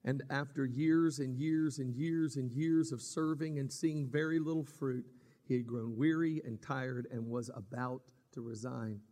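A man preaching a sermon as pastor, swinging from loud dramatic cries to hushed whispers. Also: medium pitch, a little slow, big-room sound.

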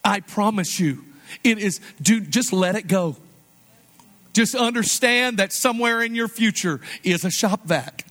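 Pastor, man, high-pitched, animated conversational sermon delivery with soft low asides. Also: unhurried.

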